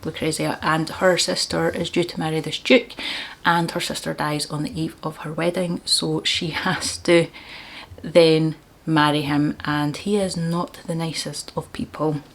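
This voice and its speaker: A woman's voice: sits low, flat delivery, unhurried. A woman vlogging about books, chatty and enthusiastic, with frequent laughs. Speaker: book vlogger. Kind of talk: casual book chat.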